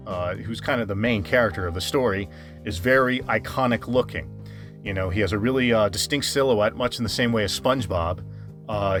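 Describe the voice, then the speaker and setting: A man's voice: fairly low pitch, fairly bright tone. A man giving a casual cartoon review as the channel's host. He rambles and restarts his sentences often, and he talks straight to his viewers. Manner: rambling, frequent restarts and fillers; chatty, addresses viewers directly. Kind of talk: casual commentary over a speedpaint.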